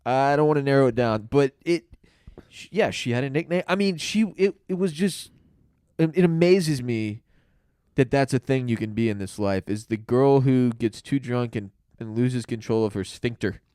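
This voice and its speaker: A man's voice: medium pitch, moderate pace, clean tone, dry recording. Young male podcast guest, middle voice, sardonic storyteller, dry recording. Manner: wry, deadpan gross-out storyteller. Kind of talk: casual podcast banter.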